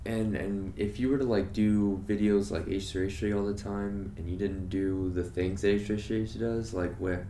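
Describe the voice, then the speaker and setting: A man's voice: lowish voice, steady tone, normal speed, hardly any pauses, warm tone. A man chatting as a podcast guest, laid-back and mostly agreeing. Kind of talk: casual podcast chat. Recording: echoey room with faint hiss.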